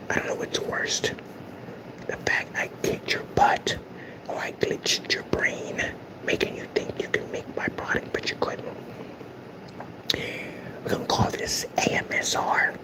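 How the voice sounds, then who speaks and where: A man doing a whispered role-play as a mock ASMR host, slowly and breathily soothing angry trolls in a teasing way. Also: close to an everyday voice, rough recording.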